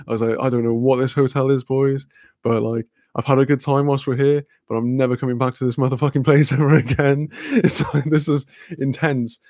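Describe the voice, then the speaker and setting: A young man rambles through a story on a casual stream, swearing, laughing and acting out bits of dialogue. His voice has a gravelly fry to it and sits at an ordinary male pitch. The sound is dry and close, with no room around it. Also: a little mellow, dry recording.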